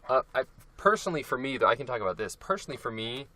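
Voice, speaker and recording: A young man co-hosting a podcast in casual chat, steering the episode and talking in halting bits with restarts. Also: mid-range voice, sing-song, pushed and bright. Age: young adult. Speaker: podcast co-host.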